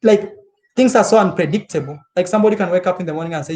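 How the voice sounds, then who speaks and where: Animated Kenyan man chatting with viewers. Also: sits high, rapid-fire, slight background noise. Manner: animated, repetitive, laughs often. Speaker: travel vlogger. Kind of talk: casual live chat with viewers.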